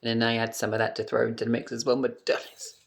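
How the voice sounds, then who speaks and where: A British man talking to his phone camera at home in a casual vlog, camp, chatty and animated, swearing freely. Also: mid-range voice, very fast, gravelly, noisy background. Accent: British English. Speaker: vlogger.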